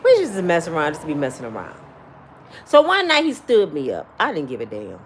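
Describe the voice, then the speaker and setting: A woman's voice: deep voice, huge pitch swings, a little fast, slightly rough. A middle-aged woman talking bluntly and profanely, giving life advice in casual, preachy storytelling.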